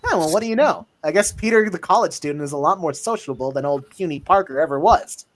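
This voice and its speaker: A man voicing a loud, friendly young college jock while reading a comic aloud. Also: on the high side, expressive, fast talker. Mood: hearty.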